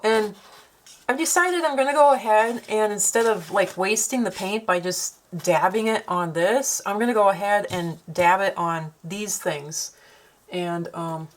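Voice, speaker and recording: A woman with a medium-pitched voice talks on a rough recording, chatting to her own camera indoors at home while painting. Her northern Minnesotan accent comes through as she meanders, using many fillers and restarting sentences, in the manner of a vlogger and artist.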